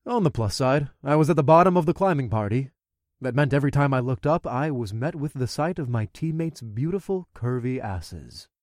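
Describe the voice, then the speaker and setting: A man narrating a first-person fantasy story in an expressive, conversational storytelling manner. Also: mid-range voice, moderate pace, no echo, studio quality. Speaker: audiobook narrator.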